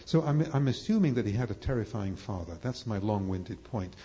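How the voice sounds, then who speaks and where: A man's voice: fairly low pitch, animated, fairly quick, warm tone. A man giving a live lecture to an audience, rambling and hesitant, with many fillers and restarts. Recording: echoey hall, dull lo-fi sound.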